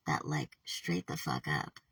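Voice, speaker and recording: A woman talking to camera in a rambling, halting personal monologue, swearing often, trailing off mid-thought and sometimes dropping to a whisper. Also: rumbling low, fairly even intonation, gravelly, a bit bright, husky, no echo, recorded from a distance. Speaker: vlogger.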